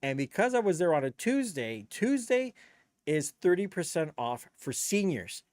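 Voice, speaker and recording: A man's voice: fairly high pitch, sing-song, moderate pace, a little mellow, dry recording, clean studio sound. A man, a DJ chatting on his live stream in a blunt, rambling, profane way. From Canada. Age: 50s. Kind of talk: casual live-stream chat.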